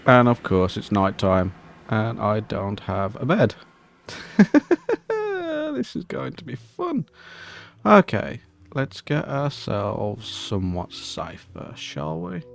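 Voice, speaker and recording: Man, deep-ish, gameplay commentary, playful mock-posh scolding. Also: big pitch swings, takes it slowly, gravelly. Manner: chatty, talks to game mobs in mock-posh indignation. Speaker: Minecraft let's-play host.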